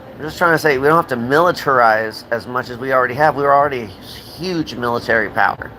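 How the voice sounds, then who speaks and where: A man's voice: mid-range voice, quick pace, pushed and bright, slight background noise, poor audio. Rambling, profane American man ranting live. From United States. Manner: chats with viewers' comments. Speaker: livestream host. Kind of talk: live-stream rant.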